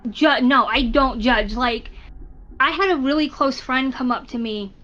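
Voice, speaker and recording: High-voiced woman telling a story. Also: a little slow, fairly bright tone, lo-fi sound, soft background music. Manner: storytelling with repeated "I said". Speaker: guest. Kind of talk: casual chat.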